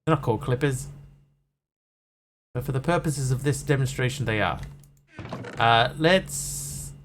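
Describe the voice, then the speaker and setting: A man's voice: mid-range voice, a little slow, over music. A man chatting casually and rambling on a live stream while he plays a game, joking at his own expense. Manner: chatty, rambling, self-mocking.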